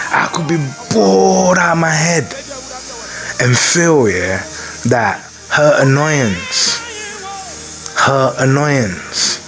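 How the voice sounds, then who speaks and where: A man doing spoken-word storytelling, dramatic and musing, repeating his phrases. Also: on the high side. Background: music.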